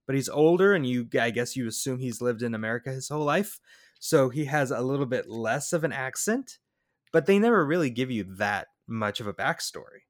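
A man co-hosting a podcast, talking through a movie in a rambling, excitable way. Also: medium pitch, a little fast. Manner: rambling, excitable, lots of fillers. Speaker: podcast co-host. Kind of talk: casual movie review chat.

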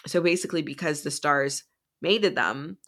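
A woman's voice: sits low, moderate pace, pushed and bright. A woman co-hosting a podcast, casually recapping a book plot in a rambling way full of "like" and "um". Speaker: podcast co-host.

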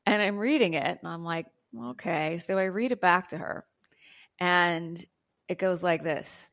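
A soft-voiced woman speaking as a guest on a spiritual interview, teaching about channeling in a flowing, earnest way. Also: medium pitch, measured pace.

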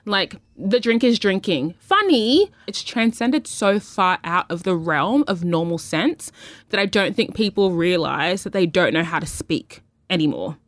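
A woman's voice: lowish voice, animated, a little slow, no room sound. A woman co-hosting a podcast in casual chat. She thinks aloud in long, reflective runs and acts out the lines she quotes. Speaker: podcast co-host.

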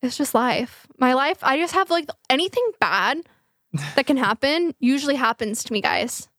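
A woman's voice: high-pitched, lively intonation, normal speed, fairly bright tone, no room sound, studio quality. A woman hosting a podcast, telling stories in casual chat and swearing freely. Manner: chatty storytelling, swears freely. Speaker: podcast host.

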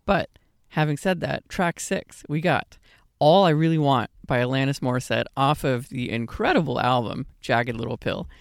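A man's voice: mid-range voice, moderate pace, gravelly, no echo, clean studio sound. A man co-hosting a podcast, chatting casually about music, giggly and enthusiastic. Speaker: podcast co-host.

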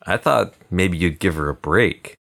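A man voicing a quiet, plump middle-aged hotel detective who speaks softly, calmly and unhurriedly. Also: deep voice, creaky, full character voice. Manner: soft, calm and unhurried.

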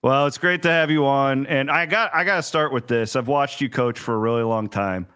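This is an enthusiastic middle-aged man, chatting as a podcast host. His voice sits at an ordinary pitch and sounds close and dry, with no room echo. He keeps things casual and eager. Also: fairly quick, fairly bright tone, clean tone. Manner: enthusiastic, upbeat questioning. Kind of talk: casual interview chat.

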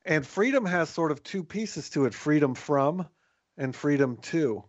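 A man co-hosting a reflective spiritual talk about recovery, speaking in a thoughtful, measured way with some restarts. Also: on the high side, animated, dry recording, highs cut off. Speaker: podcast co-host in recovery.

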